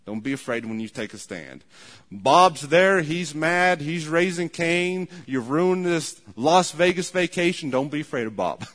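A man's voice: a little high, lively intonation, measured pace, a bit bright. A man preaching a sermon, earnest and repetitive, acting out imagined people as he goes. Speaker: pastor. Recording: long hall reverb.

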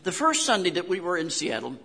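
Older West Virginia preacher, man, folksy sermon storyteller; raspy, slightly high voice, echoing through a big hall. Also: very animated, a little fast, pushed and bright. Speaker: pastor.

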